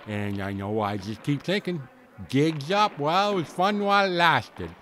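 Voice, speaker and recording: A man's voice: on the high side, expressive, moderate pace, pushed and bright, slight background noise. Lester, a man playing a rambling yarn-spinner. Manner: rambling, folksy, full of slang and fillers. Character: folksy rambling man telling a tall tale. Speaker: storyteller. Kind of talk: comic character monologue.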